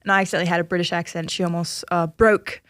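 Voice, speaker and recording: A woman's voice: on the low side, very fast, dry recording. A woman in her twenties, a guest on a podcast, chatting casually and telling stories in a nervous, giggly way. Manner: nervous, giggly, lively storytelling. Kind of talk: casual chat.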